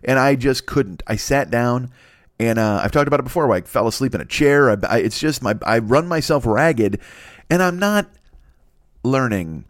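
A man in his fifties talks by himself on his own show, wandering from point to point and swearing freely as he picks on himself. His voice sits at an ordinary middle pitch, and the sound is dry and close with no room around it. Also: animated, fairly quick, no room sound. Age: 50s. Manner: rambling, profane, self-deprecating, many restarts. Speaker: podcast host. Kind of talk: casual solo monologue.

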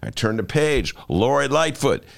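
A man hosts a casual radio talk show in an expressive, medium-pitched, creaky voice that moves a little slowly. He tells rambling, jokey stories and acts out other people's lines as voiced asides.

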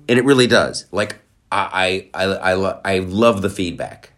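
A man hosting his own podcast in a casual, playful monologue, drifting onto tangents and joking between loud bursts and quiet asides. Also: deep voice, fairly even intonation, normal speed. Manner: playful, rambling, goes off on tangents. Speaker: podcast host.

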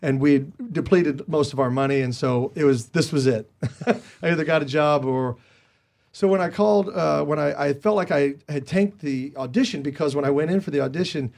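A man as an interview guest, telling stories casually and with energy, jumping higher in pitch when he quotes others. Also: moderate pace, creaky. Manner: animated, jumps higher when quoting others; chatty with many restarts. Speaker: guest comedian.

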